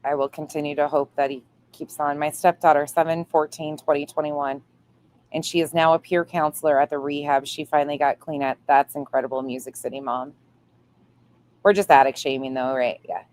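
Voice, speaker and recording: A woman's voice: deep voice, level tone, a little fast, a little mellow. A woman hosting a casual livestream, reading viewer comments aloud and swearing playfully. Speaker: livestream host reading chat.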